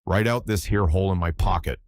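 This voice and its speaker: A man's voice: low voice, fairly quick, no room sound, studio quality, lightly acted. A man voicing a sly teenage Southern servant boy who talks in a drawling dialect. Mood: evasive.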